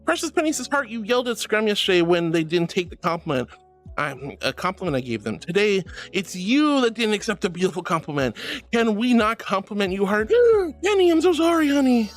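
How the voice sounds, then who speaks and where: A sweet, affectionate woman chats with her stream, her voice swooping up and down as she giggles and greets everyone. Soft music plays quietly behind her. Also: medium pitch, big pitch swings, fairly quick. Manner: sweet, giggly, affectionate, reads chat aloud. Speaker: VTuber streamer. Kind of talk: casual live-stream chat.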